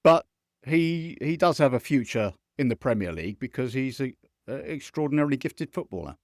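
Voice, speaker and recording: Animated sweary man hosting a podcast. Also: mid-range voice, a little fast, no echo, clean studio sound. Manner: animated, sweary, mimics others in put-on voices. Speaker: podcast host. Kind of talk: casual football podcast chat. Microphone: video call mic.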